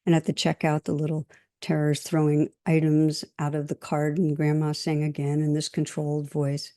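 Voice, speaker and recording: Low, mellow-voiced woman giving a dharma talk. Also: monotone. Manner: gentle, measured, with lists and told stories. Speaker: meditation teacher.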